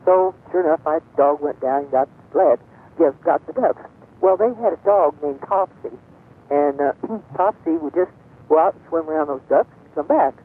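An older woman, a guest on a radio show, telling a rambling story with many pauses and fillers. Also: deep voice, lively intonation, slightly rough. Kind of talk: reminiscing on a call-in radio show. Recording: tinny phone-line sound.

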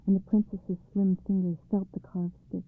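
Woman reading a story slow and calm, tinny phone-y sound, bone dry. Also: medium pitch, dry recording. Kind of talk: storybook narration.

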